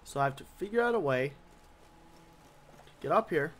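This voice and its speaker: A man's voice: on the high side, expressive, moderate pace. A man giving gameplay commentary as a gaming YouTuber, grumbling and easily irritated.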